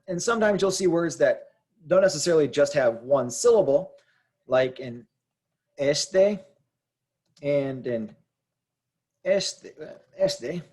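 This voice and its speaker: A man teaching Spanish spelling in English, patiently explaining rules and repeating example words slowly. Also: mid-range voice, animated, a little mellow. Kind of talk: explaining grammar to learners.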